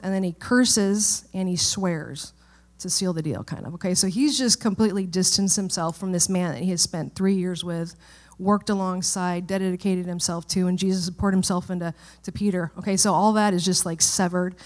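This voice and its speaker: A woman pastor giving a casual, conversational sermon and Bible study, often checking in with listeners. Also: mid-range voice. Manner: chatty, informal, frequent "okay?" checks with listeners.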